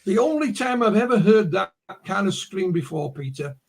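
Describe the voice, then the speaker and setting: A man's voice: sits high, animated, normal speed, vocal fry. A man with a Yorkshire accent, a guest on a video call, telling stories in a rambling way with many restarts. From Yorkshire, England. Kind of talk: casual conversation, storytelling.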